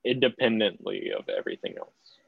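Brief: low, gravelly-voiced male podcast guest, dry and dull lo-fi recording. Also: wildly swooping pitch, fairly quick, no room sound. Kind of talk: casual film review chat.

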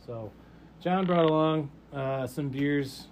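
A man's voice: on the high side, slow pace. A man hosting a casual chat, easygoing, laughing often and steering the talk. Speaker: podcast host. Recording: steady background noise.

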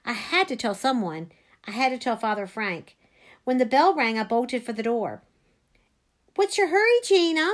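A woman reading a first-person story aloud, expressive. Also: fairly high pitch, normal speed. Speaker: reader.

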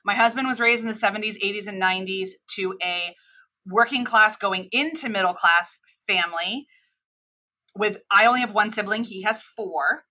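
An American woman in her thirties with a flat mid-Atlantic accent, speaking as an interview guest. Her voice is bright and forward, and she explains her points in long, animated stretches. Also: medium pitch. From United States. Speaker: podcast guest, cross-cultural expert. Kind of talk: conversational interview.

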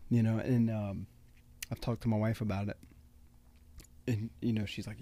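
A man in his late thirties talking in a relaxed, reflective way in casual conversation, with a gravelly edge and a habit of teasing and laughing. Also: lowish voice, a little slow, no echo. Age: 30s. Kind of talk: casual podcast chat.

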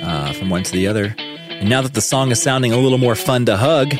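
A man co-hosts a podcast from the studio he owns, chatting enthusiastically about how tracks get built, with plenty of fillers in his casual talk. His mid-range voice is expressive and brisk, heard over music.

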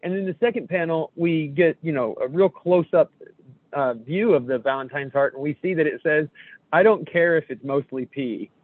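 A man's voice: fairly high pitch, moderate pace, dry recording. A man co-hosting a casual chat, reading memes aloud with jokes and swearing. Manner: jokey, self-deprecating, swears freely. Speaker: podcast co-host. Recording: tinny phone-like sound.

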